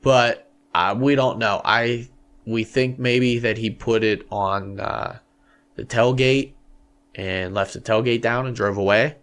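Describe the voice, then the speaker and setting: A man's voice: medium pitch, fairly even intonation, slow pace, a bit bright, clear, resonant tone. A man co-hosting a hunting podcast in a small studio, talking casually in long rambling runs full of fillers. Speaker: podcast co-host.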